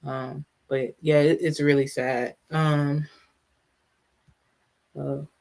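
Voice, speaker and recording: Brief: live-stream host, halting off-the-cuff chat, mid-pitched, talks straight to viewers in the chat. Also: flat delivery, gravelly, darkish tone. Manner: chatty, answers live viewers' comments; halting, many restarts and asides.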